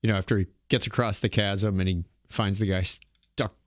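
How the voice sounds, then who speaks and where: A male podcast co-host in casual chat, making quick jokes and laughing often. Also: lowish voice, fairly even intonation, dry recording, studio quality. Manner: quippy, joking, laughs often.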